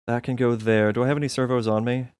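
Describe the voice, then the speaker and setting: A man's voice: medium pitch, flat delivery, quick pace, a little mellow, clear, resonant tone, no echo. A man talks his way through a modded game on stream, muttering plans and poking fun at his own forgetfulness. His voice sits in an ordinary middle register. It is picked up close on a desk mic with no room sound. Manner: self-mocking, thinking aloud, laughs at himself. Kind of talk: casual gameplay commentary.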